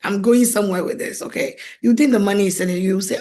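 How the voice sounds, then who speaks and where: A woman marriage coach giving a faith-based teaching talk, animated, laughing often and acting out quoted voices, repeating phrases for emphasis. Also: medium pitch, moderate pace.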